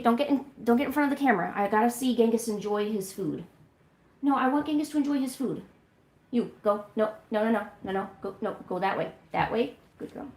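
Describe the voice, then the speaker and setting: A woman with a slightly high voice and a gravelly edge coaxes her cats in a casual, sing-song way, as if chatting during a stream. The room is echoey, and faint hiss sits under her voice. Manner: coaxing pet talk, often high and sing-song. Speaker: livestream host.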